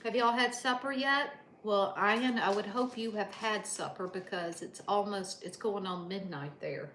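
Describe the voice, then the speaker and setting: A woman's voice: medium pitch, a little slow, fairly bright tone, slight background noise. Chatty grandmother cooking on a livestream. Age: older. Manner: chatty, motherly, talks to viewers by name while cooking. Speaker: livestream host. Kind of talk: casual cooking livestream chat. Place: home kitchen.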